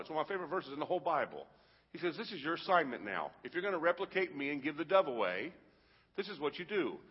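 A man preaching a sermon to a congregation, in a rhythmic, repetitive style that builds to loud peaks. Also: on the high side, breathy edge, in a large hall, muffled recording. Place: large hall with a congregation.

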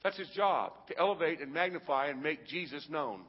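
A man preaching a sermon to a congregation, in a rhythmic, repetitive style that builds to loud peaks. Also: fairly high pitch, animated, a little fast, husky, in a large hall, lo-fi sound. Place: large hall with a congregation.

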